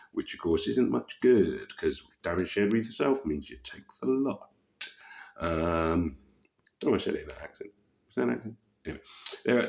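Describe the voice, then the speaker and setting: Low-voiced man narrating gameplay. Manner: relaxed, muttering asides with many ums. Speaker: gaming channel host. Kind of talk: casual gameplay commentary.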